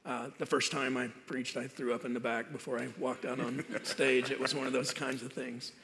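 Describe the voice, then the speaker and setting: Southern pastor guy, super gravelly voice, bright tone, talking straight at the church, long reverb. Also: medium pitch, little pitch movement, normal speed, noisy background. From American South. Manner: earnest, direct, addressing the congregation. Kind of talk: conversational sermon. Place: church stage.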